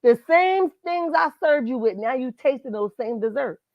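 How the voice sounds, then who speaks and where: A woman's voice: high voice, lively intonation, normal speed, dry recording, lo-fi sound. A woman hosting a casual live stream, commenting on celebrity gossip in an emphatic, sassy way and talking straight to her chat, speaking. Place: at her workplace, indoors. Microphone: computer mic.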